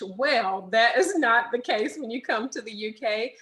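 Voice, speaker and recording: A woman's voice: on the high side, measured pace, few pauses, poor audio. A middle-aged woman, a guest telling stories with a laugh in a casual interview over a video call. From United States. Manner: animated storyteller, laughs often.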